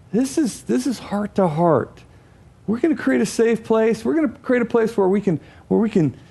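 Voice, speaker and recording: A man giving a teaching talk to an audience, animated and acting out examples as he speaks. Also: high voice, vocal fry.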